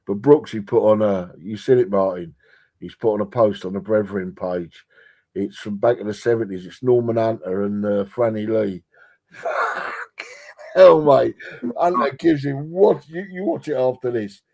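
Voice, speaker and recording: A man, co-hosting a casual football podcast chat and telling stories in a sweary, animated way. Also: on the low side, normal speed, creaky. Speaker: podcast co-host.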